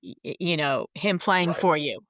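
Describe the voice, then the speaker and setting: A woman's voice: fairly low pitch, moderate pace, a crowd in the background. A woman hosting a podcast interview, talking in an effusive, encouraging way. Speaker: podcast host. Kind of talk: conversational interview.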